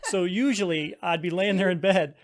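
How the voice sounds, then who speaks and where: Male co-host, casual and conversational, slightly higher voice. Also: normal speed, heavy background noise. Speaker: podcast co-host.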